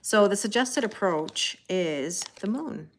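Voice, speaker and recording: A Canadian woman with a Canadian accent reads tarot casually on a live stream, taking viewer comments as they come in. She speaks at a medium pitch, expressively and slowly, with slight background noise. Her manner is chatty, with frequent laughter.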